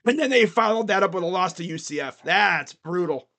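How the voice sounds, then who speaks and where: A man's voice: high-pitched, expressive, fairly quick, pushed and bright. A man streaming casual college football chat, thinking aloud and rambling with fillers and restarts. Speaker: sports streamer.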